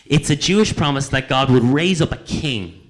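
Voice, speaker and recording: A man giving an informal sermon, conversational, with many fillers and restarts, quiet at times and emphatic at others. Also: medium pitch, lively intonation, normal speed. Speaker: preacher.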